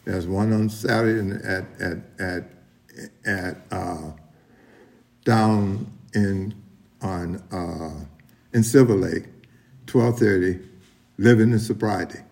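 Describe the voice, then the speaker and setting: A man's voice: low-pitched, slow pace, vocal fry, pauses often, a little mellow. A middle-aged man sharing his story at a recovery meeting, rambling with many restarts and talking straight to the room. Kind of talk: personal testimony at a meeting.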